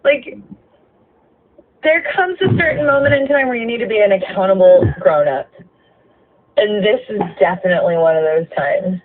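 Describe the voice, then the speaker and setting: A woman bus driver venting about a rough late shift, tired, swearing a lot, her voice cracking with emotion. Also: mid-range voice, animated, normal speed, pauses often. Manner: heavy swearing, exasperated, voice breaking with emotion. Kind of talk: late-night venting rant. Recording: tinny phone-line sound, faint hiss.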